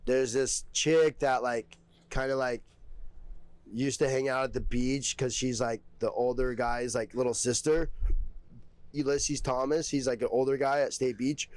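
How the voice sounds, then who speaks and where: A young man from Southern California telling stories on a podcast, loose and rambling, with constant swearing and "like" fillers. His voice sits at an ordinary middle pitch. He talks in casual, unpolished bursts. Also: dry recording, low-quality recording. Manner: profane, rambling, heavy filler words. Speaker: podcast guest. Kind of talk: casual storytelling.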